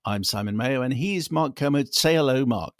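A man's voice: mid-range voice, lively intonation, fairly quick, dry recording. A man co-hosting a film podcast from a spare room at home, chatting casually and reading listener emails aloud in a dry, teasing way. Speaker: podcast co-host.

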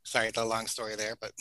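A man's voice: fairly low pitch, pushed and bright, no room sound, low-quality recording. A man in his forties, a podcast guest telling long stories in a rambling, chatty way, full of fillers and little laughs. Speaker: podcast guest, family video creator. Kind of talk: casual storytelling interview.

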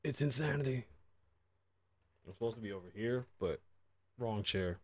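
A man in his thirties hosts a casual show in a loose, swearing, chatty manner, dropping in Spanish now and then. His voice sits at an ordinary middle pitch. The sound is dry and close, with no room around it. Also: lively intonation, moderate pace, husky, no room sound. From Puerto Rico. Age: 30s. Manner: loose, profane, chatty with playful Spanish asides. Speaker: podcast host. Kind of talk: casual chat.

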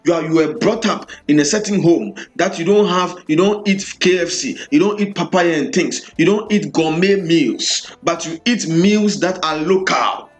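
A man's voice: a little high, moderate pace, hardly any pauses. A man preaching a sermon, building repeated refrains with rhythmic emphasis.

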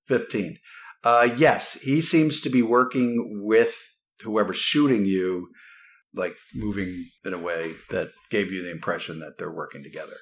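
A man's voice: fairly low pitch, unhurried, a bit bright. A man running a tabletop game as game master, laid-back and laughing often.

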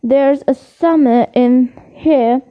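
A big, blunt male gamekeeper speaking in homely rough dialect, put on by a woman reading aloud. The voice sits high and moves slowly. The recording sounds muffled and lo-fi.

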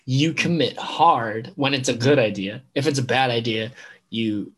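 A man's voice: mid-range voice, measured pace, fairly bright tone. A man co-hosting a podcast, chatting casually with a friend, teasing and often trailing off mid-thought. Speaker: podcast co-host. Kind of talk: casual chat.

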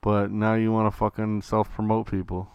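A man's voice: lowish voice, level tone, normal speed, smooth, dry recording, dull audio. A man co-hosting a podcast, teasing the others with laid-back profanity in casual banter. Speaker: podcast co-host.

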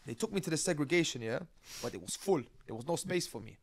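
Animated young man telling stories. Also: a little high, fast talker, no room sound. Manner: animated, slang-heavy, acts out scenes. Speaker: podcast guest. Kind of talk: casual storytelling interview.

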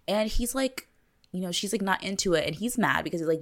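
A young woman co-hosting a podcast, casually recapping an episode and acting out the characters' lines with lively chatter. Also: medium pitch, fairly quick. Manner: animated, acts out quotes from the show. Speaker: podcast co-host.

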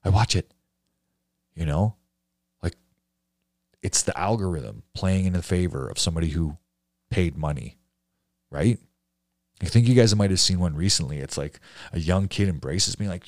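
A man's voice: low voice, moderate pace, darkish tone, no echo, clean studio sound. A man coaching painting contractors in a blunt, profane rant full of rhetorical questions. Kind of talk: casual rant to a class.

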